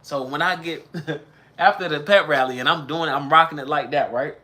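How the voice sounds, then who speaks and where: Southern man in his thirties, livestream storyteller, casual and rambling, bright and tense in the voice. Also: fairly high pitch, moderate pace. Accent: Southern US, light. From American South. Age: 30s. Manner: rambling, conversational, with chanted bits of old raps. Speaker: musician telling his story.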